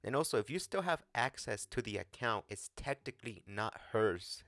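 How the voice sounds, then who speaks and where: A man's voice: medium pitch, expressive, normal speed, a bit bright, no room sound. Guy doing a chill commentary vid, blunt, swears a bit, super dry close mic. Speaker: commentary channel host. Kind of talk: casual commentary vlog.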